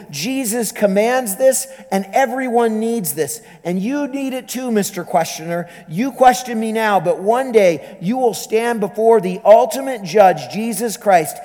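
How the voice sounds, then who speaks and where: A man's voice: sits high, a little mellow, voice pushed up. A man voicing a frightened yet bold Christian woman, speaking in earnest, pleading prayer. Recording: long hall reverb.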